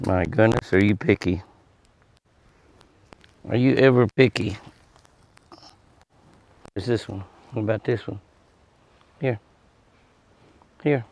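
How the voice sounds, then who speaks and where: A man's voice: fairly low pitch, slow pace, pauses often, darkish tone. Folksy man coaxing deer. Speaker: deer ranch vlogger. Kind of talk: casual talk to animals and viewers. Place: outdoors at a deer pen.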